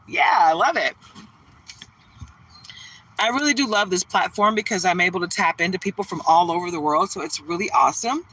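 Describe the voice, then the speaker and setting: A woman's voice: fairly low pitch, a little fast, pauses often, fairly bright tone, husky, low-quality recording. A woman from Detroit, Michigan hosting a live tarot stream, chatting bubbly and greeting viewers by name. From Detroit, Michigan, USA. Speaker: livestream tarot reader. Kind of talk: casual livestream chat.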